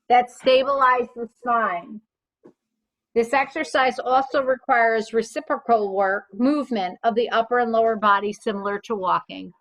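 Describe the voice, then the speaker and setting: A woman instructor with a bright, slightly high voice guides a group through floor exercises. She calls out positions and reps one cue at a time and tells people it is fine if they can't manage a move. Her talk is clear and patient. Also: poor audio. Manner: clear step-by-step cues with gentle reassurance. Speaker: fitness instructor.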